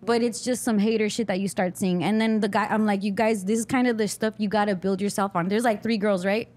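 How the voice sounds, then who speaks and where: A woman's voice: medium pitch, fairly even intonation, fast talker, a little mellow. A young woman hosting a podcast, telling a story in casual chat and acting out the people she quotes. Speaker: podcast host.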